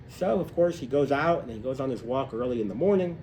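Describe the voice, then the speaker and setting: A man teaching a live class, telling a story and acting out its characters in an animated way. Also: normal speed, hardly any pauses, slight background noise. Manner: animated, acts out voices in stories, rises in pitch when excited. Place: hotel room, recorded live.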